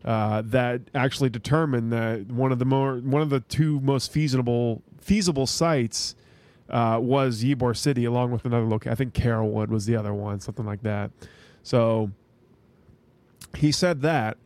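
A young man talks in easygoing podcast chat, circling his point with restarts and offhand swearing. His voice sits at an ordinary middle pitch. The sound is dry and close, with no room around it. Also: steady tone, moderate pace, a little mellow, dry recording. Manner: rambling, restarts often, swears casually. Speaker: podcast co-host. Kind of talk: casual chat.

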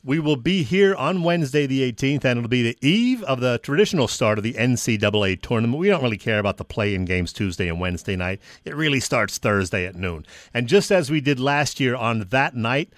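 A man co-hosting a casual sports radio chat, relaxed and jokey as he tells stories. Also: mid-range voice, brisk, hardly any pauses, no echo. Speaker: co-host.

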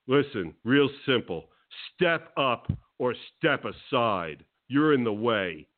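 Homem ranzinza apresentador, som de telefone. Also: male voice, medium pitch. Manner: loud, combative, ranting. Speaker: radio show host. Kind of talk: ranting talk radio. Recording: phone-line audio.

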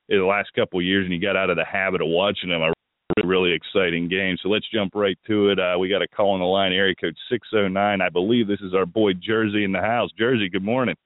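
A low-voiced man hosts a fantasy football radio show. He sounds like he still has his morning voice and gives opinionated, thinking-aloud advice. The recording is dry and tinny, like it came through a phone line. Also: dry recording. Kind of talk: casual sports analysis talk radio.

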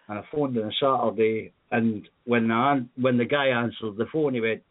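Scottish male caller, rambling storyteller, mid-pitched, heard over a tinny phone line. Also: moderate pace. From Scotland. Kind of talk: casual phone chat.

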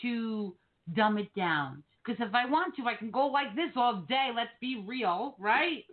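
A woman with a New Jersey accent hosting a podcast, animated and teasing as she chats with her guests. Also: fairly high pitch. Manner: animated, quick to laugh, teasing. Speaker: podcast host. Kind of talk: casual podcast interview. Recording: phone-like band-limited audio.

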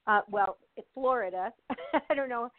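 A woman's voice: on the high side, normal speed, dry recording. Older american lady chatting away on a tinny phone line, lots of laughs and uhs, dry sound. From United States. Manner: chatty, laughs often, many fillers and restarts. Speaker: actress, interview guest. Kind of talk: casual interview chat.

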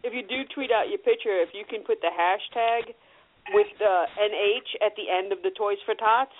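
A woman's voice: medium pitch, moderate pace. A woman co-hosting a casual call-in show, giving helpful tips. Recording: tinny phone-line audio.

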